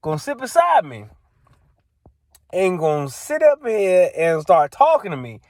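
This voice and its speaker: A man's voice: high-pitched, huge pitch swings, unhurried, pauses often, darkish tone, dry recording. A young man telling a story in a casual, exasperated way, repeating himself for emphasis. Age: young adult. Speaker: vlogger.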